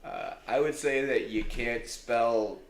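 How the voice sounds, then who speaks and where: A young man co-hosting a podcast, cracking deadpan wordplay jokes. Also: medium pitch, takes it slowly, heavy background noise. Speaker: podcast co-host. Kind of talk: casual chat. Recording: echoey room with crowd chatter.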